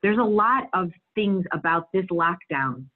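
A middle-aged woman, an actress, tells stories in a casual interview, candid and animated and often laughing. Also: on the low side, a little slow. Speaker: guest actress. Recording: tinny phone-like line.

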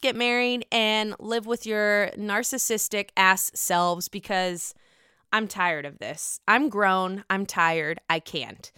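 Pittsburgh woman podcast host, sore-throated, frank and foul-mouthed, crisp tone in a dry room. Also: mid-range voice, a little slow, pushed and bright, dry recording. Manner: candid, profane, chatty. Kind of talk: casual reality-TV gossip chat.

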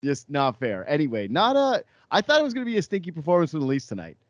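A man co-hosting a sports podcast in casual chat, animated and jokey, acting out quotes. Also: on the high side, fast, no room sound, lo-fi sound.

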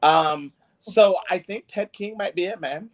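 A man's voice: sits high, unhurried. A man hosting a casual chat, enthusiastic and gossipy, with lots of fillers. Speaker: host.

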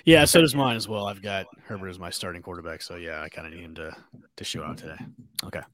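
A man hosting a casual football podcast, moving things along with quick okays and all rights. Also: low-pitched, a bit bright, no room sound, studio quality. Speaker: podcast host. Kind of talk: casual sports chat.

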